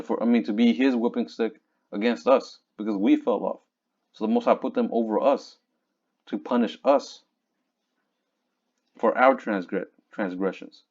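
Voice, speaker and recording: Low-voiced man teaching scripture casually. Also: darkish tone. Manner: casual, reads verses slowly, looks up words aloud. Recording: dull lo-fi recording.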